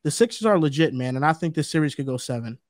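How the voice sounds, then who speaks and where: A man's voice: on the high side, animated, fast, dry recording, clean studio sound. Emphatic man arguing sports. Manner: emphatic, argumentative, repeats points for stress. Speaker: co-host. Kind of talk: sports debate show.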